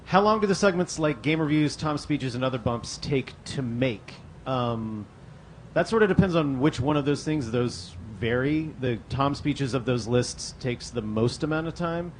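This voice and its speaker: Hosting a convention panel, a man reads out fan questions in a loose, chatty style full of fillers. His mid-range voice has lively intonation and a normal pace, with a little hiss or hum.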